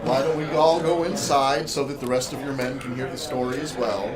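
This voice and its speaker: A man playing his character in a tabletop game, halting and full of restarts. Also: mid-range voice, fairly even intonation, reverberant, recorded from a distance, over a noisy crowd, poor audio. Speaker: player.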